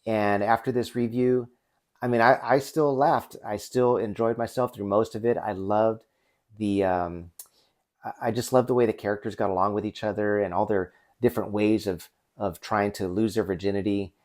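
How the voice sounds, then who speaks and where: A man's voice: fairly low pitch, fairly even intonation, moderate pace, darkish tone. A man in his forties hosting a casual, unscripted movie review, rambling with frequent restarts. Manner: rambling, with many restarts and fillers.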